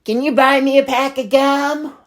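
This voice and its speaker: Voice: high-pitched, fairly even intonation, moderate pace, voice pushed up, lightly acted. An adult voicing a young boy who pleads to have a pack of gum bought for him. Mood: pleading. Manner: whiny, pleading.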